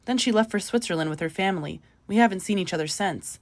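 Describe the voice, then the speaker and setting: A woman's voice: mid-range voice, fast talker, voice pushed up, close to an everyday voice. A woman reading the part of an astonished woman visitor, speaking up in raised exclamations. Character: astonished woman visitor, old school friend.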